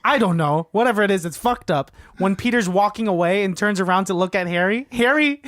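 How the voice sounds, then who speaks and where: A podcast co-host talks about a movie with big swings in pitch. The tone is loose and jokey, with frequent swearing. The recording is close and dry. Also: fairly quick, dry recording. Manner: animated, swears freely, jokey. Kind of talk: casual chat.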